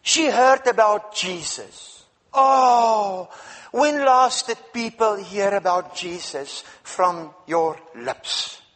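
A male preacher telling a Bible story in a sermon, with dramatic swings between loud and hushed delivery. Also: sits high, expressive, drawn-out words. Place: church. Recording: reverberant church hall.

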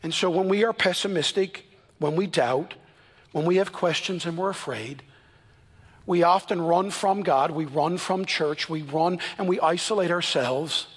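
Man preaching, fifties, husky tone, higher-pitched voice, earnest storyteller, church sermon. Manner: earnest storytelling preacher, shifts between quick and slow emphatic delivery. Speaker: pastor.

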